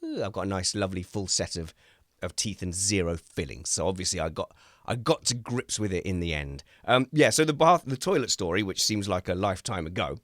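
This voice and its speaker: A man hosting a casual chat, rambling through animated anecdotes and poking fun at himself. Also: deep voice, a little fast, no echo, clean studio sound. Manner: rambling, animated storyteller who acts out quotes; self-mocking, laughs at his own stories. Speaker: host.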